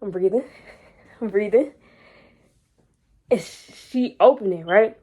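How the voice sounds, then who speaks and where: A young woman, a vlogger and entrepreneur, has a mid-range, slightly rough voice and a slow pace. She tells a personal story casually and animatedly, repeating words and getting loud when excited.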